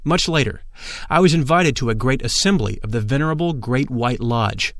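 A man reading a first-person spiritual memoir aloud in a measured, formal and emphatic way, now and then drawing out intoned vowels. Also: mid-range voice, lively intonation, fairly bright tone, dry recording, clean studio sound. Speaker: audiobook narrator.

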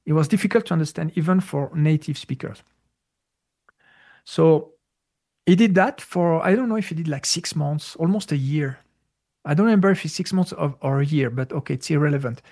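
A man telling a spiritual story in a casual interview, halting and repeating words, with many fillers. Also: on the high side, vocal fry, darkish tone.

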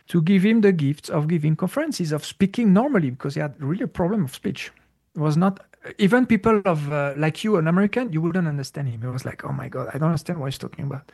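A man answering a listener's question in a casual talk, halting and searching for words with many restarts. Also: on the high side, darkish tone. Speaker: spiritual teacher answering questions. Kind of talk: casual spoken Q&A.

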